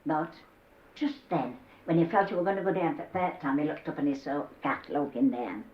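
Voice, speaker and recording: Older woman, broad Yorkshire accent, comic dialect storytelling, lowish voice, roomy dull cassette sound. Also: fairly quick. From Yorkshire, England. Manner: lively, acts out the characters' voices. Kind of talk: telling humorous dialect tales.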